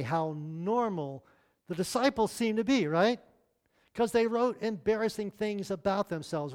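High-voiced man preaching conversationally. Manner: conversational, asks the audience questions. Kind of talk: sermon.

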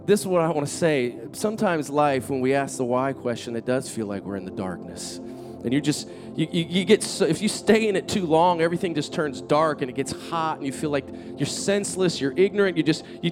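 A man preaching a sermon, telling a personal story in an earnest, animated way that builds in intensity. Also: mid-range voice. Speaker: pastor.

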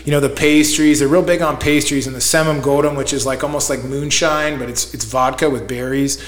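A man tells a long, loose story as a podcast guest, piling up filler words as he goes. His voice sits at an ordinary middle pitch. The recording carries a noticeable roomy echo. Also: steady tone, fairly quick. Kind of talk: casual chat.

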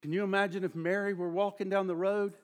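A middle-aged male pastor preaching a sermon, swinging between loud emphatic passages and hushed near-whispers, drawing out key words for weight. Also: sits high, level tone, quick pace.

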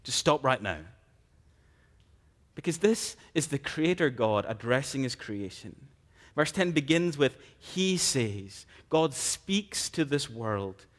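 Earnest preacher man. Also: mid-range voice. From Scotland. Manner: earnest, measured preaching with slow emphatic phrases. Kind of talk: sermon.

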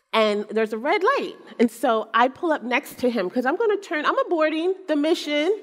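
High-voiced woman preaching in a hall. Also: measured pace. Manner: animated, acts out quotes, self-mocking humor. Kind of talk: sermon with personal storytelling. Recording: long hall reverb.

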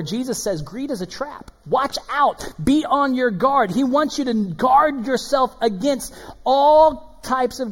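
Animated preaching man in a reverberant hall. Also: fairly high pitch. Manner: animated, swings between loud and hushed. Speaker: pastor. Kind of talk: sermon.

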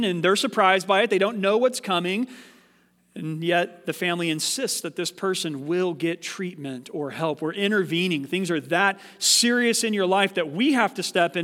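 High-voiced preaching man in a hall. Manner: animated preaching with rhetorical questions. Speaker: pastor. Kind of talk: sermon.

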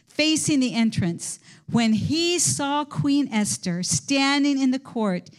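A woman teaching a Bible lesson in an enthusiastic, rambling preaching manner. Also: sits high. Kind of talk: sermon.

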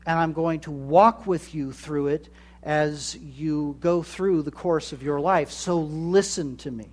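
Slow, measured male preacher. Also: fairly high pitch, a little mellow. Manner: measured preaching, dramatizing quoted voices. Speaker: pastor. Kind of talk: sermon.

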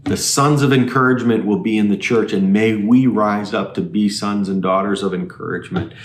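A man's voice: on the low side, roomy sound. A man preaching a sermon in church as pastor, earnest, reading passages aloud.

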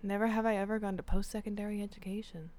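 A young woman from the Niagara region of Canada co-hosting a casual podcast, telling animated stories, acting out quotes, laughing and swearing often. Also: medium pitch, fast. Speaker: podcast co-host. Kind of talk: casual chat.

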